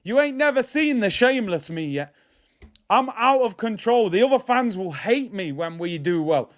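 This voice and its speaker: Male host, high clear voice, hyped live match commentary with taunts and shouts. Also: normal speed. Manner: excitable, shouts at big moments, taunts opponents. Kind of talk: live football watch-along commentary.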